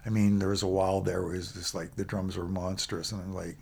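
A man, a musician guest, chatting on a podcast and telling animated stories about recording. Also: sits low, fast, gravelly, husky. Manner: animated storyteller, acts out quoted voices. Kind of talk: casual podcast conversation.

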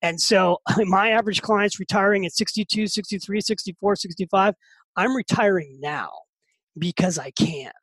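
Fifties guy guesting on a podcast, high voice, tumbles over his words when hes excited. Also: normal speed, no room sound, poor audio. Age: 50s. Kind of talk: casual storytelling.

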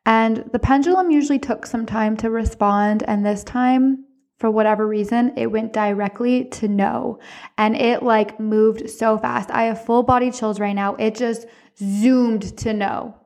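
A woman hosting a podcast, telling personal stories in a casual, expressive way with frequent laughter. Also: fairly high pitch, a little slow. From Canada. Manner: expressive, chatty, laughs often; speaks candidly, with some swearing. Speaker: podcast host.

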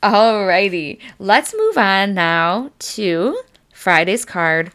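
A woman's voice: mid-range voice, big pitch swings, extremely slow, fairly bright tone, smooth. A woman hosting a psychic podcast, reading oracle cards in a loose, chatty way, full of "like" and "you know", and moved close to tears. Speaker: psychic medium podcast host. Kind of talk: casual oracle card reading.

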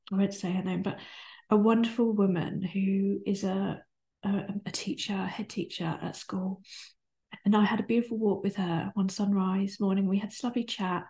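A woman in her forties hosting a casual solo podcast, chatty and rambling, swearing now and then and drifting into soft whispered asides. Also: mid-range voice, gravelly. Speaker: podcast host.

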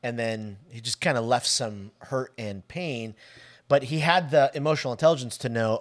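Male podcast co-host, mid pitch, lively and emphatic, dry close mic. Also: normal speed, dry recording. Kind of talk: casual podcast chat.

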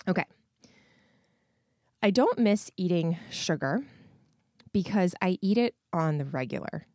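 A woman coach talks through listener questions on her podcast, her voice deep and froggy with hoarseness. She is candid and loose, with frequent likes and ums and the odd swear. The sound is close and dry, with no room around it. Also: expressive, takes it slowly, pauses often, dark tone, dry recording. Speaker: podcast host and weight loss coach. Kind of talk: casual answers to listener questions.

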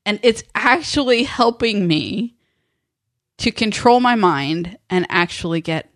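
A woman's voice: mid-range voice, expressive, dry recording, studio quality. A woman with a Southern accent co-hosting a casual faith chat, talking in a chatty, storytelling way. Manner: chatty, storytelling, quick to laugh. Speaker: podcast co-host.

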